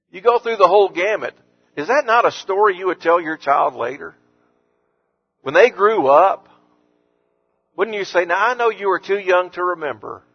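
In a high-pitched voice and dull-sounding audio, a man preaches as a pastor. His sermon is earnest, swelling to emphatic intensity whenever he quotes Jesus.

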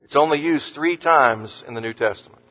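A man preaching an earnest sermon as pastor, lifting his voice on scripture quotes and dropping low and soft on words of comfort. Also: normal speed. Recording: muffled sound with long hall reverb.

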